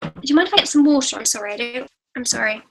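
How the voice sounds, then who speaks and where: Bubbly high-voiced teenage girl. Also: rapid-fire, vocal fry, background noise. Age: teens. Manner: chatty, apologetic, bubbly. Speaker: YouTube host. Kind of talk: live-stream Q&A, reading out viewer comments.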